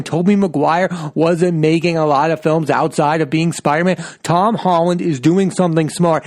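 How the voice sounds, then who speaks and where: Young male podcast host, high voice, eager and opinionated film talk. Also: darkish tone. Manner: enthusiastic, opinionated, casual. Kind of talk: solo film review podcast.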